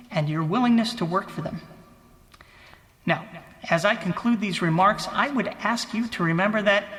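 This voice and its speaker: A man's voice: sits high, sharp tone, pitched above the performer's own voice. A man voicing a pompous male president who delivers a grand, solemn speech pieced together from famous quotes. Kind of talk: mock political speech. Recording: long hall reverb.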